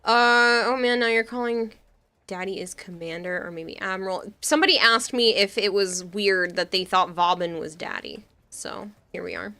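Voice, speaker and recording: A woman's voice: mid-range voice, normal speed, pushed and bright, clear, resonant tone. A woman streamer in casual live-stream chat, rambling and laughing often while she answers chat. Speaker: game streamer.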